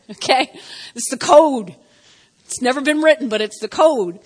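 A woman pastor preaching a sermon, telling stories with animated, laughing delivery. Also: high-pitched, unhurried, long pauses.

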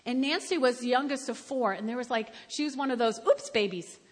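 A woman of about seventy preaching a sermon, telling stories and building to loud, emphatic exhortation. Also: fairly high pitch, a little fast. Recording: echoey hall with long reverb.

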